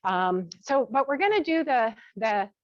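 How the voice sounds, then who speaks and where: A woman teaching a gentle yoga class, cueing each step with relaxed, chatty asides. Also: a little high, measured pace, dry recording. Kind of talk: guided yoga class instruction. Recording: dull, dry lo-fi sound.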